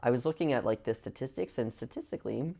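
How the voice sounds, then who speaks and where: A woman's voice: rumbling low, lively intonation, fast talker, creaky, warm tone. A woman vlogger ranting to her camera, impassioned and full of "like" fillers. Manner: impassioned, heavy use of "like" fillers. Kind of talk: emotional video rant.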